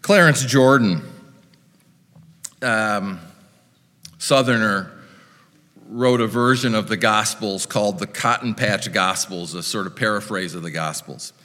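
A man preaching a sermon in a measured, reflective way, with wry asides. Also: fairly low pitch, pushed and bright. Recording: long hall reverb.

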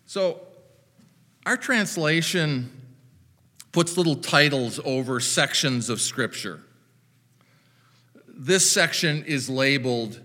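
A male pastor delivers a sermon at an unhurried, deliberate pace, adding dry, wry asides. His voice is bright and clear. A long reverb trails his words, as in a large hall. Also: on the high side, lively intonation.

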